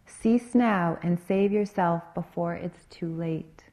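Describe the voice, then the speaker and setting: A woman's voice: lowish voice, slow, mellow. A woman voicing a great male golden eagle, a god, speaking in a solemn and majestic way.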